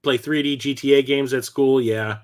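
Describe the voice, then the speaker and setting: A man hosting a casual livestream, rambling and correcting himself as he talks, quick to laugh. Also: medium pitch, steady tone. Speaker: livestream host. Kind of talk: casual livestream chat about his game collection.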